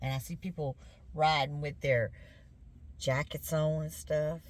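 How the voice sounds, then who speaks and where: A middle-aged vlogger from Louisiana, US, chats casually with her viewers as "y'all" in a Southern US accent. Her voice sits low with fairly even intonation and a measured pace, a bit congested from sinus drainage.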